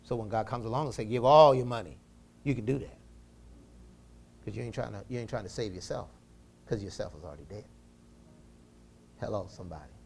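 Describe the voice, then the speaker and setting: A man preaching a sermon, calling out to his congregation for responses and swinging from fervent shouting to low, intimate talk. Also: a little fast, creaky, pauses often, a little hiss or hum.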